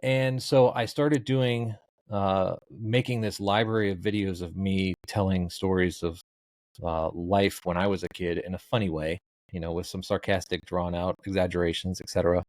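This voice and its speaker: Low-voiced middle-aged man, laid-back storyteller. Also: flat delivery, moderate pace, darkish tone, no echo. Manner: rambling, laid-back storytelling with dry jokes. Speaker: guest, social media comedian. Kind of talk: casual interview chat.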